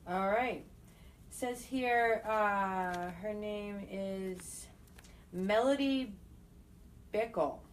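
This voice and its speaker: A woman's voice: mid-range voice, drawn-out words, pauses often, slight background noise, poor audio. Woman reading out viewer questions. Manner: plain, steady, stumbles on names. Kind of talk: reading out comments.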